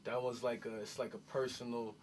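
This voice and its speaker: A man's voice: mid-range voice, flat delivery, fairly quick, a little hiss or hum. A man in his twenties, a rapper from New York raised in Miami, chatting loosely in an interview, full of "like" and "you know what I mean". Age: 20s. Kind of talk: casual interview chat.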